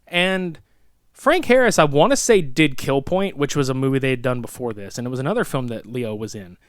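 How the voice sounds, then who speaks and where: A man's voice: mid-range voice, a little fast, no room sound, clean studio sound. A man in his thirties co-hosting a podcast, reviewing a film in casual, profane chat and acting out its scenes. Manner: excitable, swearing, acts out movie lines. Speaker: podcast co-host.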